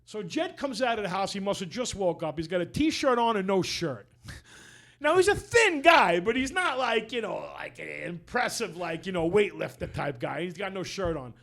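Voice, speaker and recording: Animated high-voiced New York man storytelling. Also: moderate pace, gravelly. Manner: animated storyteller, acts out quotes loudly. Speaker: podcast host, chef. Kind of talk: casual storytelling chat.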